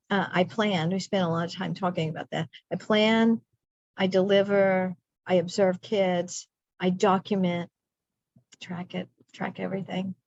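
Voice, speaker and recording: A middle-aged woman teacher trainer guides teachers through a planning workshop in a medium-pitched, slightly mellow voice. She stays chatty and upbeat, slipping playful asides between her points. The audio has no echo but sounds dry and a bit muffled, as if from a computer microphone.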